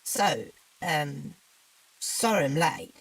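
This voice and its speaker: A man voicing a high-pitched male demon with a thick British accent, polite and a little hesitant. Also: expressive, drawn-out words, fairly bright tone, husky, no room sound, recorded from a distance, exaggerated voice, low-quality recording. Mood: sheepish.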